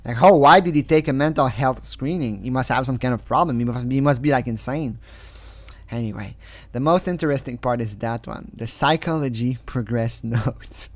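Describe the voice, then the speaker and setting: A man's voice: mid-range voice, normal speed, no echo. A man who is not a native English speaker, giving casual, sarcastic commentary, often breaking into mocking laughter.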